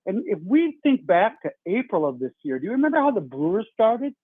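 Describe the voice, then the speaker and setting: A man's voice: high-pitched, big pitch swings, fairly quick, no echo. A man calling into a sports radio show, chatting about his team in a rambling way, heard over a phone line. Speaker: caller.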